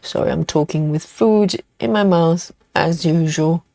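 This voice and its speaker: Slow, gravelly-voiced woman. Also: sits low, no room sound, clean studio sound. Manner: relaxed, unhurried, chatting to viewers. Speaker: host of a cross-stitch livestream. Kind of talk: casual live-stream chat while stitching. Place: at home in the evening.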